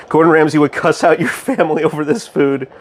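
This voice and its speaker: A young man casually chatting with his stream chat while cooking, excitable, goofy and loud. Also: fairly high pitch, normal speed, a little hiss or hum.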